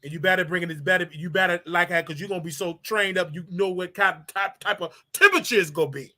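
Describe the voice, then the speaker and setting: Bright-voiced man ranting live. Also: high voice, quick pace. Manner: animated and repetitive, preachy asides; talks straight to viewers. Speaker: livestream show host. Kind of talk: casual livestream rant.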